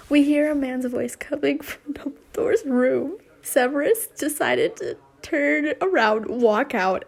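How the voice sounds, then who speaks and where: Slow-talking giggly woman reading fan fiction. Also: on the high side, gravelly. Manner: chatty, giggly, rambling asides.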